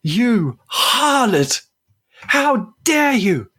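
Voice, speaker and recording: Give me a man playing a screeching, furious woman, high and drawn-out, in a tabletop game. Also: very animated, heavily acted. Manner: shrill, yelling accusations. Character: furious weeping woman from the audience.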